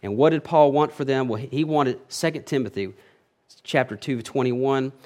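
A male pastor delivering a verse-by-verse sermon. His voice sits at a middle pitch and swings between forceful emphasis and quiet drops. He restarts phrases as he explains. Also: normal speed. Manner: emphatic, rising and falling in loudness, self-correcting restarts. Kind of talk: expository sermon.

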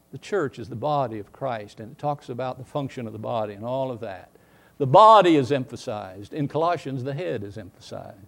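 A man preaching a sermon, swinging from quiet asides to emphatic, rising bursts. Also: mid-range voice, gravelly. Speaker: pastor.

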